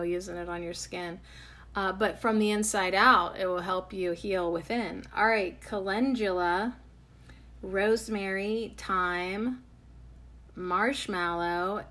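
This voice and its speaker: A woman's voice: medium pitch, fairly bright tone. A woman hosting a casual herbal podcast lesson, talking in a playful, chatty and self-deprecating way.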